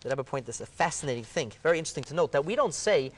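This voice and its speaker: A man, a rabbi, explaining a Talmud passage in a discussion, emphatic and animated, acting out the quoted dialogue. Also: a little high, rapid-fire, slight background noise.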